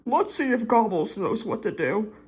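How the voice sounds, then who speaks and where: A woman's voice: mid-range voice, sing-song, normal speed, a little mellow, voice pushed down, close to an everyday voice. A woman voicing Barley, a patient plush toy in a toy skit who sighs and sounds worn out by the others. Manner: weary and patient, sighs a lot.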